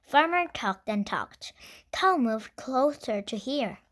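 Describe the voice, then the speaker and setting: A woman reading a children's storybook aloud, slow, clear and deliberate. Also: on the high side, lively intonation, a bit bright, slight background noise.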